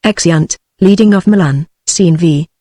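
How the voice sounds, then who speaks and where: A woman's voice: fairly low pitch, unhurried, warm tone, no room sound, studio quality. A synthetic text-to-speech voice of a woman with a British English accent, reading a play aloud evenly, with no character voices. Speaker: audiobook reader.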